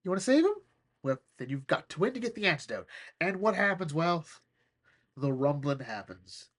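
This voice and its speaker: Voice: mid-range voice, sing-song, fast talker, a bit bright. Rambling, joking podcast host. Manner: rambling, joking, often laughing. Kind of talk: comedic cartoon recap.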